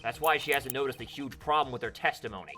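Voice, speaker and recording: A man streaming a courtroom game, reading the lines aloud and commenting, moving from mutters to loud outbursts. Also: medium pitch, quick pace, soft background music. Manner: animated, switching between mutters and loud outbursts. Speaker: let's play streamer.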